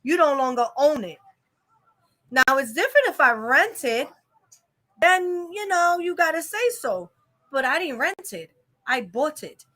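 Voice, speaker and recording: A woman's voice: high voice, very animated, measured pace, pauses often, pushed and bright. A young adult woman hosting a casual live-stream chat, giving an opinionated, rambling rant full of fillers. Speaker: vlog host.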